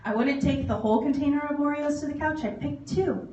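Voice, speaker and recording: A woman in her thirties giving a personal testimonial to an audience, animated, laughing often and acting out voices. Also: sits high, fairly quick, highs cut off, background noise. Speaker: motivational speaker. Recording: echoey hall recorded from far off.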